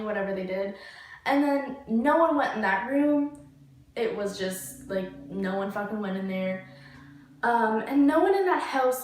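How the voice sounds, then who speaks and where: A young woman with a fairly high voice tells a story, rambling along with constant "like"s and casual swearing. She sits back from the mic, so her voice lands in a very echoey room. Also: distant mic. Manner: rambling, heavy use of "like" and swearing. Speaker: vlogger.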